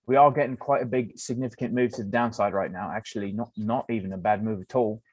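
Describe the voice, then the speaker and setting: A man's voice: on the low side, fairly even intonation, fast, darkish tone, breathy edge, no echo. A man co-hosting a trading stream, joking around in casual chat between market remarks. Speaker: co-host trader.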